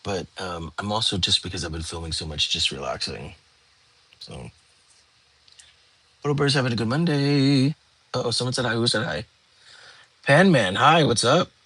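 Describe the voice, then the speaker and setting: A tired young man, hosting a relaxed livestream and chatting with viewers from home. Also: lowish voice, moderate pace, pauses often, husky. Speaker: livestream host. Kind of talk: casual livestream chat. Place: home, lying down.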